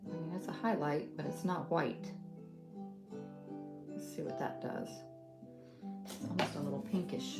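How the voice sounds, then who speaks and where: A middle-aged woman from Western North Carolina with a Southern accent, teaching a casual live painting tutorial, thinking aloud with many ums and soft laughs. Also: low-pitched, unhurried, long pauses. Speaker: art instructor. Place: home art studio. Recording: roomy studio with guitar music behind.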